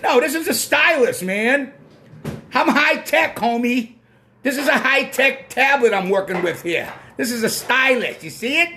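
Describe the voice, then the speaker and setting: A man's voice: very high voice, lively intonation, a little slow, pushed and bright, a little hiss or hum. A man with a Boston accent hosting a casual live stream, ranting and swearing when he gets worked up, through a computer mic.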